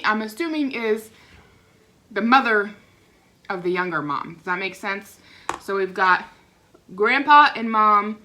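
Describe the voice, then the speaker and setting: A young woman telling a rambling neighbor story in a casual vlog, chatty and animated. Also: medium pitch. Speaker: vlogger. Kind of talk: casual storytime while eating.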